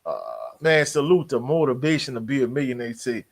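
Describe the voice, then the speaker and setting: A man hosts a live college sports stream with a relaxed, easygoing delivery. His speech is loose and slangy, and he keeps calling out to viewers in the chat. His voice sits at an ordinary mid pitch. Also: brisk. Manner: laid-back, slangy, greets chat members. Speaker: sports livestream host. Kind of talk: casual live sports talk.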